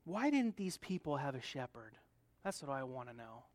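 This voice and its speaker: A man pastor preaching a sermon in a conversational way, swinging between soft asides and loud, emphatic build-ups. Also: mid-range voice, big pitch swings, normal speed, no room sound.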